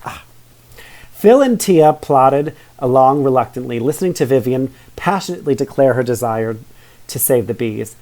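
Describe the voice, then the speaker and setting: A man's voice: medium pitch, animated, normal speed, a little mellow. A man reading a children's story aloud, adding chatty asides and questions to young listeners. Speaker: storybook reader.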